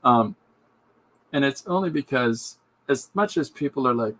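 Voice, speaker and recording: A man's voice: medium pitch, big pitch swings, moderate pace, husky. A man hosting his own podcast, chatting casually and jokily while he draws a comic. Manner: rambling, jokey asides. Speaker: podcast host and comic artist. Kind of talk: casual chat while drawing.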